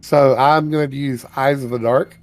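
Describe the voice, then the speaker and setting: A man's voice: mid-range voice, fairly even intonation, moderate pace, a little mellow. A man playing a tabletop game, chatting casually and reading spell rules aloud. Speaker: player.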